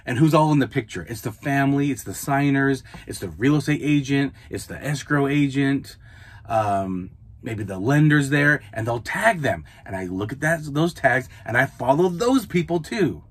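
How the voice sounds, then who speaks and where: Husky man coaching podcast listeners. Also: mid-range voice, lively intonation, moderate pace. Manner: repetitive, coaching, talks straight to listeners. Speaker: podcast host, mobile notary. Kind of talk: casual podcast advice.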